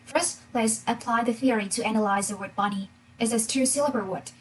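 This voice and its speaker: A woman's voice: a little high, fairly quick, soft background music, poor audio. A young woman from Vietnam, a student, presenting a class talk in an engaging way and asking the listener questions. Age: young adult.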